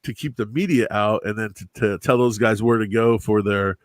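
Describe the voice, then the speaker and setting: A man's voice: lowish voice, moderate pace, no room sound, clean studio sound. A man telling stories in a casual chat on a live stream, laid-back, often laughing and calling people bro and dude.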